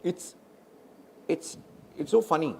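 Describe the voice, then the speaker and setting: A man's voice: a little high, slow, vocal fry, a little hiss or hum. A middle-aged man with an Indian English accent, a film director telling stories in a live fireside chat in a large hall, acting out quoted talk. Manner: animated, acts out quoted conversations.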